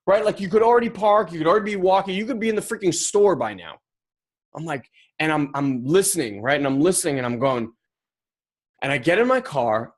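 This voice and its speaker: A man hosting a podcast, talking casually and animatedly about a personal insight and acting out quoted thoughts. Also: a little high. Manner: animated, acts out quoted inner voices. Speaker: podcast host. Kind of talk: casual motivational monologue.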